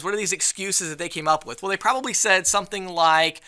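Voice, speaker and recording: A man giving a live sales training presentation at an event, lively and acting out the excuses customers give. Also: high-pitched, brisk, hardly any pauses. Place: event venue.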